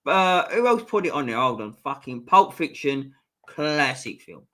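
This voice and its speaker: A man's voice: medium pitch, sing-song, measured pace, sharp tone. A man hosting a live stream, reading out viewer comments and bantering bluntly with lots of swearing.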